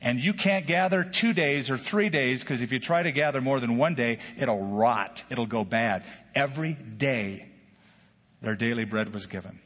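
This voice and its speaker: Husky male pastor preaching in a reverberant hall. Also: medium pitch, moderate pace. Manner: animated, acts out quoted prayers with jokes. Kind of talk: sermon. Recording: dull lo-fi sound with hall reverb.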